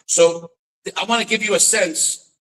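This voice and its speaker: A man's voice: sits high, steady tone, moderate pace, fairly bright tone, recorded from a distance, rough recording. A man, a rabbi and author, giving a dramatic storytelling lecture to an audience, weaving in Yiddish phrases and often restarting his sentences.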